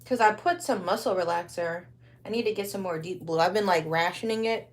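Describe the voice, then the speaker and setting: A woman's voice: mid-range voice, fairly quick. A young woman from Wisconsin chatting casually on a livestream while she crafts, rambling in slang.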